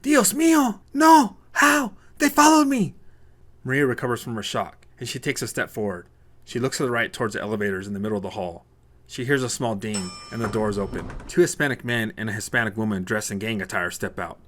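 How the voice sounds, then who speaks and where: A man reads an action novel aloud in a low, steady voice. His reading is plain and even, with a faint hiss of noise behind it. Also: fast talker. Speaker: narrator. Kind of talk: audiobook narration.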